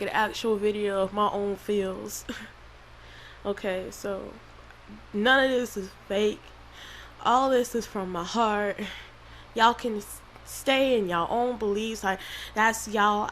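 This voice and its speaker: Crying southern woman vlogging, halting confession, soft faint noise behind. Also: medium pitch, low-quality recording. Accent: Southern US country. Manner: tearful, halting, many restarts. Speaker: channel creator. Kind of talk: emotional confessional vlog.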